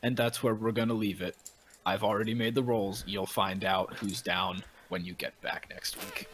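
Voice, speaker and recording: A man's voice: lowish voice, steady tone, moderate pace, a bit bright, slight background noise, poor audio. A man running a tabletop game as game master, narrating scenes to his players.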